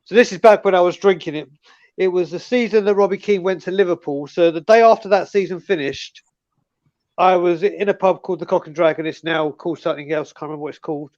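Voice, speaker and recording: A man with a London accent spins a lively, laughing story on a casual fan call-in show. His voice sits high for a man. The sound is dry and a little dull, like a web call. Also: fast talker, no room sound. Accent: London English. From North London, England. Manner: lively, laughing anecdote teller.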